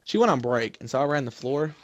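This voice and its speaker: A man's voice: medium pitch, animated, quick pace. A young man in casual chat, telling a heated, swear-filled story about trouble at his job. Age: young adult. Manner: profane, heated venting. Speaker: storyteller venting about work.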